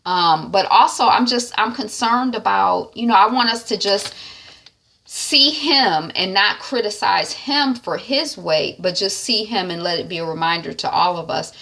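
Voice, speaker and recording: A woman talking through a TV episode recap in a chatty, rambling way, with animated asides. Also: medium pitch, measured pace, creaky. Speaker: reality TV recap vlogger. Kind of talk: casual recap chat.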